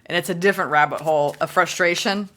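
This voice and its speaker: A woman giving a solo tarot reading, excitable and gushing, repeating phrases for emphasis. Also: lowish voice, fast talker. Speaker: tarot reader.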